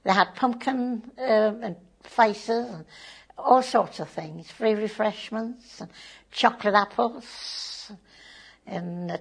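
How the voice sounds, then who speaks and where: Older woman, creaky and husky. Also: fairly high pitch. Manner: chatty, with fillers and tag phrases like "it is". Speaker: community volunteer and board member. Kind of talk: interview, casual recollection.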